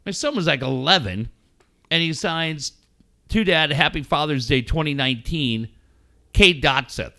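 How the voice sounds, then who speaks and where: A middle-aged man telling animated family stories in casual chat, swearing and acting out quotes loudly. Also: on the high side, unhurried, vocal fry. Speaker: podcast co-host.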